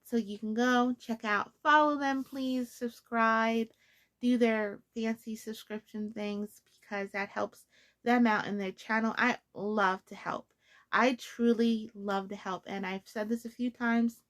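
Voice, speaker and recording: A woman's voice: a little high, steady tone, a little slow, fairly bright tone. Bubbly, giggly woman crochet vlogger. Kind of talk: casual chat to viewers.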